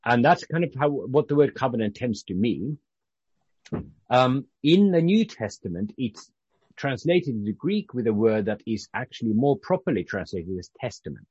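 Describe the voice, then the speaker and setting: A man's voice: mid-range voice, expressive, a little mellow, slightly rough, no room sound, dull audio. A man from Britain leading an informal Bible study, talking conversationally with frequent halts and restarts. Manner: halting, restarts often, conversational.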